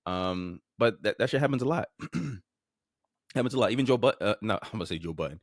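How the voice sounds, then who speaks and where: A man's voice: fairly low pitch, animated, a little fast, no echo, clean studio sound. A man hosting a podcast, talking bluntly and informally about clips he plays, swearing casually and restarting his phrases. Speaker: podcast host. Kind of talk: casual commentary on played clips.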